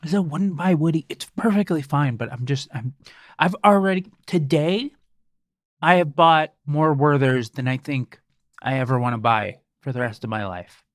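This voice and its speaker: A man's voice: fairly high pitch, normal speed, no room sound, studio quality. A man hosting a podcast, rambling through improvised comedy bits with lots of hesitant fillers. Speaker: podcast host.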